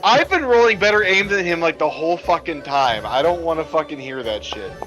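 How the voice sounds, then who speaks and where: A man's voice: a little high, animated, fairly quick. A man playing a tabletop game, grumbling and swearing about his bad luck in casual banter. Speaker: player. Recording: background music. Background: music.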